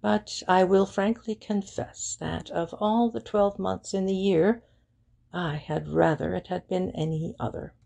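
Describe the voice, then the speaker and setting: A formal, courteous English detective, read by a woman, asks his questions with earnest politeness. The voice is dark, gravelly and slow. It is an audiobook reading. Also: mid-range voice, fairly even intonation. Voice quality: gravelly, husky.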